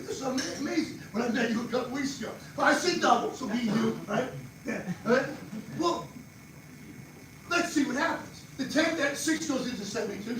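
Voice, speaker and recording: An older man with a New Jersey accent gives a live money seminar. He talks fast and animated and quizzes people in the audience. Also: very high-pitched. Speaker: financial speaker. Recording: echoey far-off room mic with noise.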